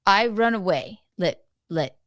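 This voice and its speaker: A woman's voice: mid-range voice, lively intonation, a little slow, a bit bright, no room sound, clean studio sound. A woman co-hosting a live talk show, speaking in a theatrical transatlantic manner, joking along. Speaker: co-host. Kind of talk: casual live show chat.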